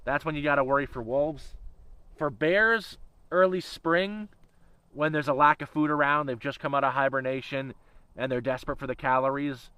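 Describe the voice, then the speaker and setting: Chatty, bright-voiced man. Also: mid-range voice, normal speed, clean tone, no room sound, low-quality recording. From Canada. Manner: rambling, profane, laughs often. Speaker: channel host. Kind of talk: casual livestream chat.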